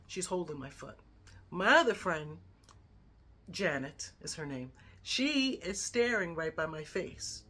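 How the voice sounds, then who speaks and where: A lifestyle vlogger in her fifties tells a personal story in a chatty, animated way with a lowish voice, frequently checking in with "right?".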